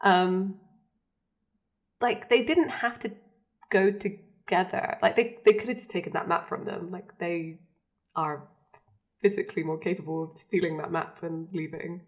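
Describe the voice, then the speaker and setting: A woman's voice: on the low side, fairly even intonation, a little slow, pauses often. A young woman co-hosting a podcast, chatting casually and recapping scenes with frequent laughs. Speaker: podcast co-host. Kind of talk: casual chat.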